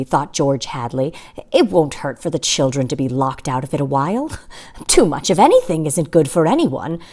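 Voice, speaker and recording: A woman reading a short story aloud, with expressive delivery and small asides to listeners. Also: low-pitched. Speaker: reader.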